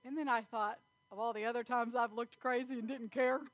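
A woman preaching a sermon in church, telling stories and acting out scenes with loud animated bursts. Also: fairly high pitch, brisk, no room sound. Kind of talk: sermon with storytelling.

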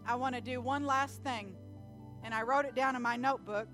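A woman's voice: on the high side, fairly quick, soft background music. Woman preaching a story-filled sermon. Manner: animated storytelling, acting out scenes with loud bursts.

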